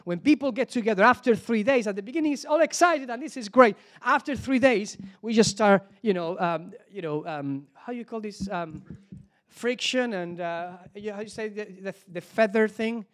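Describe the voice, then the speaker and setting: High-voiced Spanish-accented male preacher. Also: normal speed. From Spain. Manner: searches for English words, repeats words, asks the audience for help. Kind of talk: sermon.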